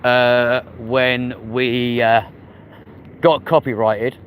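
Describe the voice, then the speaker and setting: A man's voice: mid-range voice, level tone, very slow, dull audio. Chatty man streaming outdoors. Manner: chatty, cheeky, banters with passers-by. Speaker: vlogger. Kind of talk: casual live-stream chat. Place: outdoors on a busy city street at night. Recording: city street noise.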